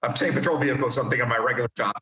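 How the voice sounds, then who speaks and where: A man casually telling war stories in a profane, animated way, acting out what people said. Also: mid-range voice, racing, reverberant, rough recording. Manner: profane, animated, acts out quotes loudly. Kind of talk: casual storytelling.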